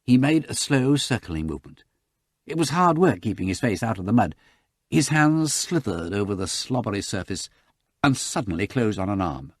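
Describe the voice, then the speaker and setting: A man reading a novel aloud as an audiobook narrator, with dramatic, lively narration. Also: on the low side, normal speed, dry recording, clean studio sound. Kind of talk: scripted narration.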